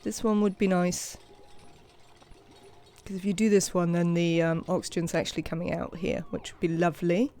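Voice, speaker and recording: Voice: mid-range voice, little pitch movement, normal speed, mellow. An English streamer narrating a live video game session, chatting with viewers and scolding the game's characters. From England.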